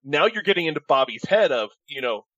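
Bright-voiced man musing on storylines. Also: fairly high pitch, big pitch swings, brisk, dry recording, dull audio. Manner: thoughtful, speculative storytelling. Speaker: podcast co-host. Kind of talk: casual wrestling analysis chat.

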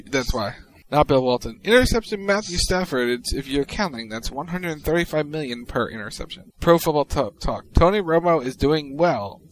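A man co-hosting a podcast, reading out tweets in casual chat with a wry, deadpan delivery. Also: mid-range voice, rough recording. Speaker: podcast co-host.

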